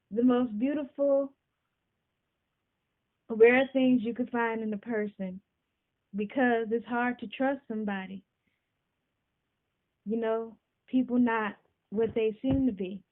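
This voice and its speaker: Slow, heartfelt woman on a tinny line. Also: on the high side, fairly even intonation. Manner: heartfelt, conversational, lots of "you know what I'm saying". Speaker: podcast host. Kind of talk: casual talk to camera. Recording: tinny phone-like sound.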